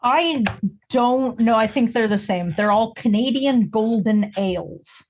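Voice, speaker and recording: A woman's voice: on the high side, unhurried, darkish tone. Blunt young woman with a dry manner. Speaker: podcast co-host. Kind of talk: casual chat.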